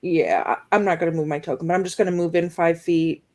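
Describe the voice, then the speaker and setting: A woman's voice: fairly low pitch, fairly even intonation, fast talker, a little mellow, dry recording, clean studio sound. A woman playing a tabletop game, speaking hesitantly and thinking aloud about her moves. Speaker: player. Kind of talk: casual tabletop game play.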